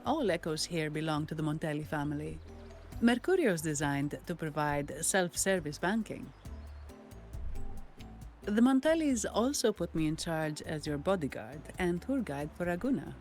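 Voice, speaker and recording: A courteous, formal young banker-bodyguard from a video game with an Italian accent. Her voice sits low, and a soft music bed runs underneath. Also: big pitch swings, moderate pace. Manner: polite, formal, businesslike. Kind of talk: game character dialogue.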